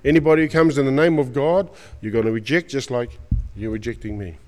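A man's voice: medium pitch, steady tone, fairly quick, darkish tone, in a large hall, close to an everyday voice. A man voicing Jesus sternly rebuking his listeners.

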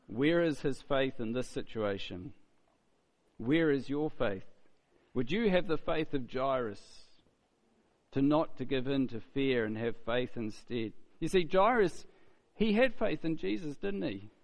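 A man's voice: medium pitch, animated, measured pace. A man preaching a sermon in a conversational way, often asking "isn't it?" and repeating words as he goes.

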